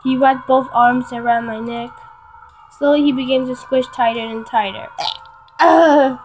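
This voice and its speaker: A woman reading a dark first-person story aloud in a dramatic way, often stumbling and restarting words. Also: a little high, level tone, normal speed, a little hiss or hum, poor audio. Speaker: story reader.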